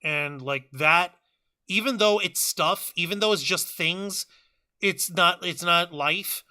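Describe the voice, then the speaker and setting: A man's voice: high-pitched, pushed and bright. A male podcast host talking casually on a live show, rambling with many fillers and restarts. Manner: rambling, many fillers and restarts, then rapid scripted sign-off.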